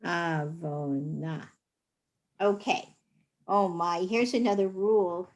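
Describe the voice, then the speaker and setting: A woman's voice: mid-range voice, slow, darkish tone. A woman teaching a reading class, patiently sounding out words and explaining rules. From United States.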